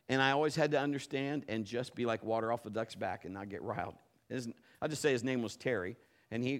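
A middle-aged man preaching a sermon, telling folksy stories with many restarts and building from quiet teaching to loud preaching. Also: fairly high pitch. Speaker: pastor.

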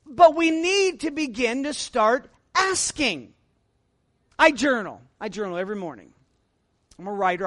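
Animated, dry-sounding middle-aged male pastor preaching. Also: very high voice, no echo. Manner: animated preaching with big swings between quiet asides and loud emphatic lines; self-deprecating humor, chatty asides to the congregation. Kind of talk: sermon.

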